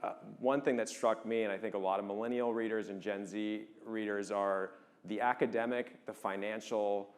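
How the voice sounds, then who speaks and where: A man's voice: on the low side, steady tone, normal speed, hardly any pauses. A man interviewing an author onstage, asking friendly, admiring questions.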